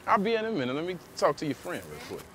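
A man's voice: fairly high pitch, huge pitch swings, very fast. A man playing a furious profane armed father. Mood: menacing. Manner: profane, menacing, shouting bursts. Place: outdoors in the woods. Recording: distant mic with clear outdoor noise.

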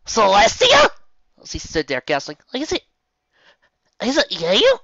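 A woman voicing an emotional, overwhelmed adult woman with breathless, high exclamations, recorded dull and lo-fi. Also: lively intonation, normal speed, fairly bright tone, no room sound.

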